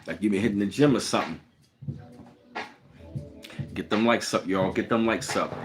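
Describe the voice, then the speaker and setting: A relaxed man with a Baltimore accent and a fairly low voice, talking loosely on a live stream. He greets his chat one by one in an easy, unhurried way. Music plays clearly behind him. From Baltimore, Maryland.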